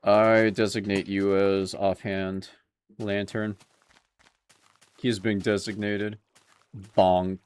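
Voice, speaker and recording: A man's voice: lowish voice, flat delivery, slow, pauses often, clear, resonant tone. A young man chatting casually with his viewers while playing a game, laid-back and laughing often. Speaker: streamer. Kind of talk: casual gameplay commentary.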